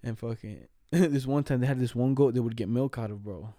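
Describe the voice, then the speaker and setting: Dark-voiced, slangy young man. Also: medium pitch, brisk, no echo, studio quality. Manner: slangy, laughing storyteller, swears a lot. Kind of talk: casual chat.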